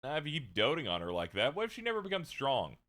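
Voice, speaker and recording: A man voicing a calm, earnest young mother who gently teases her husband. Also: mid-range voice, fast, pitched above the performer's own voice. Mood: gentle.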